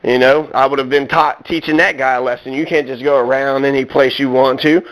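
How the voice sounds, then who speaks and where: A man's voice: medium pitch, fairly even intonation, fairly quick, fairly bright tone, low-quality recording. A man delivering a personal rant to his viewers, blunt and profane, stumbling over fillers and restarts as he works himself up. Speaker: vlogger.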